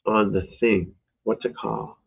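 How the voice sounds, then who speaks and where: Gravelly man cursing over tinny stream audio. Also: fairly low pitch, fairly even intonation, normal speed. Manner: exasperated muttering and cursing to himself. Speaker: golf instructor and show host. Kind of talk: casual livestream chat.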